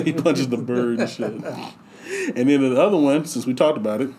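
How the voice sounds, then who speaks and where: A man's voice: mid-range voice, normal speed, dark tone, slight background noise. A man co-hosting a podcast, casually recapping comedy sketches in a loose, profane way. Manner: loose, profane, laughing often. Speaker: podcast co-host.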